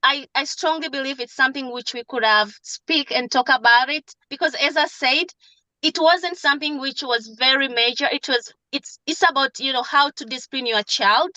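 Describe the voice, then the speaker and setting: Testifying in court by phone video call from a parked car, an emotional mother pleads, halting and repeating her words. Her voice is high-pitched and sharp, and the poor audio has no room sound.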